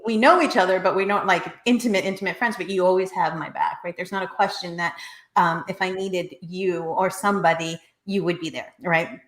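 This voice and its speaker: A woman's voice: on the low side, steady tone, a little fast. A woman hosting an interview, effusive and full of praise for her guest, often laughing. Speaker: interview host. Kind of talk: warm conversational interview. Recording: echoey room.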